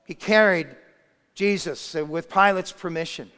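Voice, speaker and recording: A man delivering a dramatic sermon, his voice pitched high for a man. He moves between soft, hushed phrases and sudden shouted ones. The sound rings out with a long hall reverb. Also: unhurried, clear, resonant tone. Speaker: preacher. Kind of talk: sermon storytelling.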